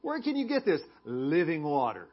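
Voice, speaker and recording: A man's voice: on the high side, wildly swooping pitch, normal speed, husky, muffled recording, full character voice. A man doing a sassy, sarcastic Samaritan woman. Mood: mocking. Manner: sassy, mocking, exaggerated.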